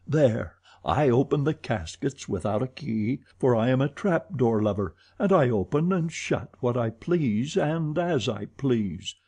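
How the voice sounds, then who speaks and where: A man reading an audiobook, voicing a menacing, deranged masked man who speaks slowly, deliberately and with cold mockery. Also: medium pitch, mellow, slightly rough. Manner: slow, deliberate and mocking.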